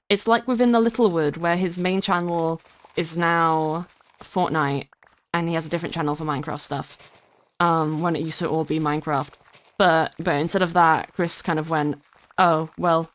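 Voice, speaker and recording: A woman streamer chatting casually and rambling while she plays, swearing now and then and reading her chat aloud. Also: on the low side. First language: English.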